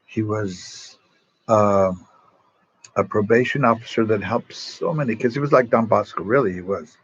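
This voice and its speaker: This older priest has a lowish, slightly rough voice at a normal pace, caught on a muffled recording. He shares warm, rambling personal anecdotes with an online audience in a casual way, often starting his sentences over.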